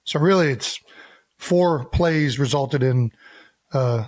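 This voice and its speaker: A man's voice: medium pitch, takes it slowly, a little mellow. A man co-hosting a podcast in casual chat, rambling, with many fillers and restarts. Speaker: podcast co-host.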